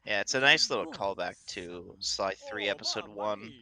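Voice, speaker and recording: A man's voice: lowish voice, moderate pace, a crowd in the background. A man casually commentating a speedrun relay, explaining game lore and laughing along with his co-commentators. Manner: chatty, laughing often, explanatory.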